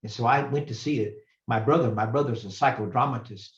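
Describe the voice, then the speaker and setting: An older man speaks as a guest lecturer, earnest and reflective, often pausing and restarting his sentences. His voice sits at an ordinary pitch. The recording sounds roomy and a little muffled. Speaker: retired professor, guest speaker. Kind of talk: personal storytelling lecture.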